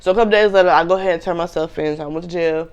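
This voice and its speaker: A woman's voice: fairly low pitch, steady tone, rapid-fire, smooth, highs cut off. A young woman in her twenties casually telling a personal story to viewers, candid and full of slang.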